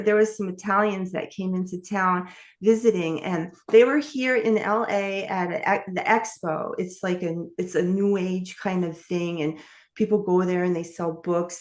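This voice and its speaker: A middle-aged woman telling a story as an interview guest, rambling along with many fillers and self-corrections. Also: medium pitch. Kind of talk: casual storytelling chat.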